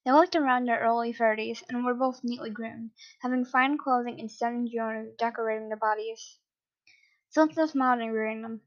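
A woman reading a story aloud at a steady pace, sometimes correcting herself. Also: fairly high pitch, normal speed, dull audio. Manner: steady with occasional self-corrections. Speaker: reader. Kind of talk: reading fan fiction aloud.

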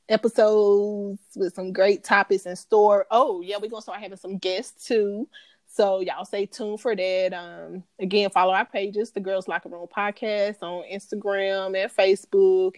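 A young adult woman co-hosting a casual podcast chat, talking to listeners as "y'all" and often breaking into loud, high laughter. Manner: casual Southern-style slang, addresses listeners as y'all. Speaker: podcast co-host.

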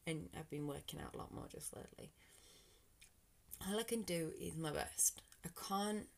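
A woman's voice: sits low, normal speed, vocal fry. A British woman hosting her own podcast, talking through her thoughts in an earnest, rambling, motivational way that sometimes sinks to a whisper. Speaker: podcast host. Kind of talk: reflective solo podcast monologue.

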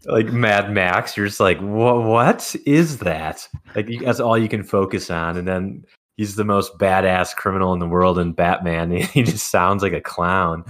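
Low-voiced guy joking around while co-hosting a podcast. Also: fairly even intonation, moderate pace, a bit bright. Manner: joking, teasing. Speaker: podcast co-host. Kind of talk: casual chat.

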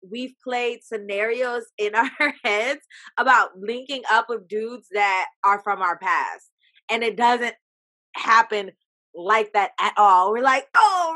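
A young woman talking casually about a TV episode, acting out her own reactions in lively quotes. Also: medium pitch. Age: young adult. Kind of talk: casual TV recap chat.

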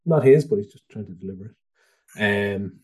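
Relaxed podcast host, a bit husky, lots of ums. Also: male voice, on the low side, normal speed. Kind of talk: casual chat.

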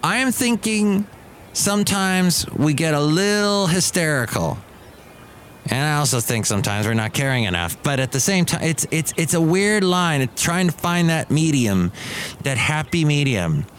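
A man's voice: a little high, animated, normal speed, fairly bright tone, a little hiss or hum. A middle-aged man hosting a podcast, rambling through a casual comic monologue with restarts and asides. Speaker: podcast host.

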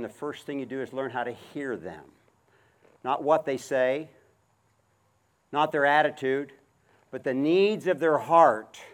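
Middle-aged male preacher working a horse, calls commands, then turns quiet and reflective. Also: medium pitch. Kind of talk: outdoor sermon with horse demonstration.

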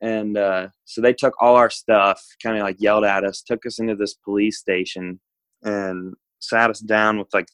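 A man from the United States telling a travel story in a relaxed, rambling way, full of filler words. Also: lowish voice, no room sound, low-quality recording. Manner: rambling, laid-back, lots of "like". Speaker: guest. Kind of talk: casual storytelling.

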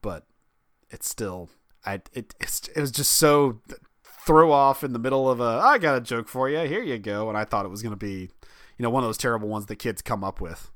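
A man's voice: medium pitch, fairly quick, no room sound, clean studio sound. A father chatting casually on a podcast, telling family stories with frequent laughter. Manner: animated, laughing storyteller. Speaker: podcast co-host. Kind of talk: casual comedic chat.

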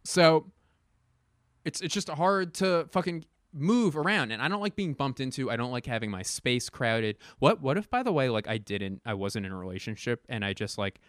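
A young man riffs through a comic monologue, swearing freely and tripping over his own restarts before punching words out loud. His voice sits at a middling pitch and is recorded dry and close, with no room sound around it. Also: very animated, a little fast, few pauses, clean tone, no echo. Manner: profane, rambling, self-deprecating, with frequent restarts and sudden loud bursts. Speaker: comedian. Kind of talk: stand-up style comic monologue.

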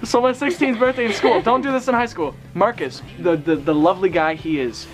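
A man's voice: high voice, brisk. Young man, casual crude storytelling, rambling, faint music behind. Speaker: podcast co-host.

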